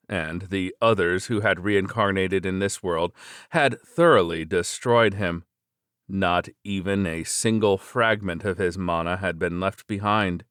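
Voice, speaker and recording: Deep-voiced man reading a novel, dry sound. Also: a bit bright, clear, resonant tone, no echo. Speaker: audiobook narrator. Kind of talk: scripted narration of a web novel.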